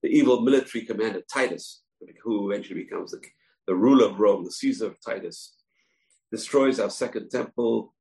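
A man's voice: on the low side, fairly quick, gravelly, a little mellow, rough recording. A man giving an informal, emphatic Jewish history lesson, often repeating words for stress. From family from Babylon, moved to Israel. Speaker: Jewish teacher.

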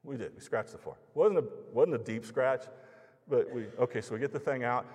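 A man's voice: mid-range voice, brisk, a little mellow, husky. A man preaching through a personal anecdote in a conversational way, acting out the lines of the people in it. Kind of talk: storytelling sermon. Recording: long reverb of a large hall.

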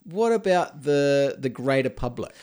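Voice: mid-range voice, expressive, unhurried, darkish tone, smooth. A podcast co-host making dry, teasing interjections in casual chat.

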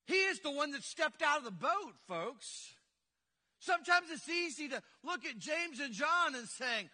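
A man's voice: extremely high pitch, sing-song, measured pace, sharp tone. A male pastor preaching a sermon with call-and-response and humor, in a church sanctuary. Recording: echoey church hall.

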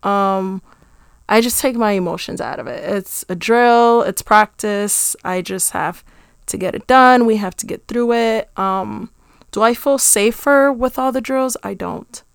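A woman teacher talking in a calm, matter-of-fact way in casual conversation. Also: medium pitch, measured pace, vocal fry, clear, resonant tone, no echo, studio quality.

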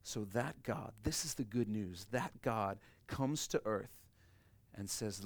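A man's voice: fairly low pitch, expressive, slow pace, no room sound. Emphatic male preacher, dry close sound. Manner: builds to loud emphatic peaks, then drops to soft intimate lines; repeats key phrases for emphasis. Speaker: pastor. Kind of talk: sermon.

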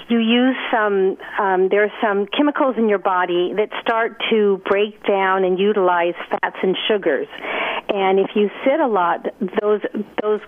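A woman guest explaining health facts in an interview, clear and methodical with frequent ums. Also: medium pitch. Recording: tinny phone line.

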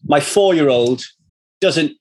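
A man with a husky, breathy voice pitched a bit high. He talks in a loose, rambling way, swears without a second thought and tells his stories with lively energy. He sounds like a recovery coach chatting casually. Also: takes it slowly. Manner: rambling, swears freely, animated storytelling. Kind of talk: casual conversation.

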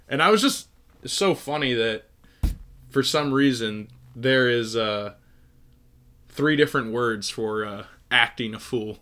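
A pastor co-hosting a podcast, talking in an emphatic, affirming way during casual chat. His pitch is mid-range and his tone is bright and forceful. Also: animated, measured pace.

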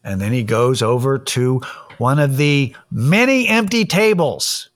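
A man's voice: mid-range voice, lively intonation, unhurried. A man talking in a casual monologue, blunt, opinionated and profane as he tells a story and gives his views.

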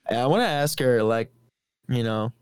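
A man's voice: medium pitch, animated, normal speed, clear, resonant tone, no room sound. A man co-hosting a podcast, rambling in casual banter with lots of fillers and swearing. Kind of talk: casual chat.

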